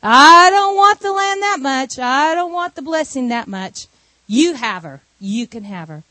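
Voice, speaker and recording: A woman's voice: on the high side, very animated, a little slow, no echo, pitched below the performer's own voice. A woman preacher voicing a greedy male relative who talks in a casual, offhand way. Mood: dismissive. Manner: casual, eager then dismissive. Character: greedy man relative, backing out.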